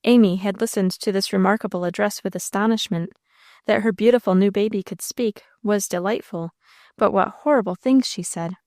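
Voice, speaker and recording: A woman reading a classic children's story aloud as an audiobook narrator, in a gentle, measured storytelling way. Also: medium pitch, dry recording, clean studio sound.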